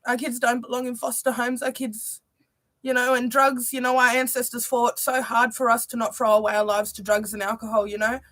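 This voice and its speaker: A woman's voice: fairly high pitch, little pitch movement, a little fast, fairly bright tone, no echo. A young adult woman, a musician, talking earnestly to viewers on a livestream and filling her speech with "you know". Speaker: musician presenting her music video premiere. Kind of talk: heartfelt livestream talk.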